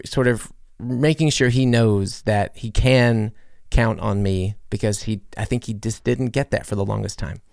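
A man's voice: medium pitch, gravelly, smooth, dry recording, studio quality. A man who is a musician and comedy creator, answering radio interview questions in an earnest, rambling way with many restarts. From United States.

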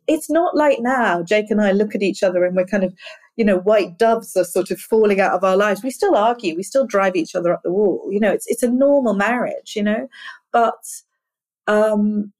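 A woman's voice: medium pitch, moderate pace, darkish tone. A middle-aged woman speaking as an interview guest, talking in an earnest, reflective way that often halts on repeated words. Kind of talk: candid conversational interview.

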